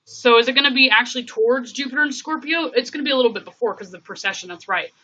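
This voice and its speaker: Woman streamer, casual, rambling, bright tense tone, lo-fi mic. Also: a little high, rapid-fire. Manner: rambling, thinks aloud with many fillers. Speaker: livestream host. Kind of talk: casual livestream chat.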